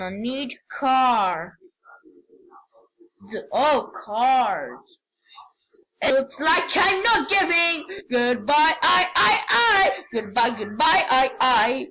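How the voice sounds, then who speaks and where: A woman giving casual, rambling game commentary, excitable and prone to sudden yelps and shouts. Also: high voice, low-quality recording. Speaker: gamer.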